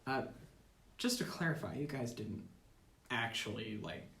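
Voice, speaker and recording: Teen boy, dramatic in-character storyteller for a tabletop game, bright tense tone, roomy echoing sound. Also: mid-range voice, animated, unhurried, a little hiss or hum. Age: teens. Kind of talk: in-character role-play storytelling. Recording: echoey room.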